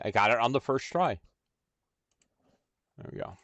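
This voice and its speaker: A man hosting a casual livestream, thinking aloud in a halting, unhurried way while he works on cards. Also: medium pitch, expressive, a bit bright, no echo. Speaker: stream host.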